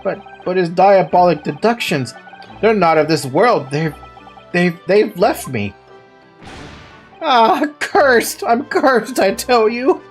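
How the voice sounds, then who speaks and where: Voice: mid-range voice, lively intonation, slow, faint music behind, pitched above the performer's own voice. Streamer doing a dramatic whiny student guy, wails about being cursed, voice jumps all over. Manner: theatrical wailing. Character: melodramatic anxious young male student. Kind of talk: reading game dialogue aloud.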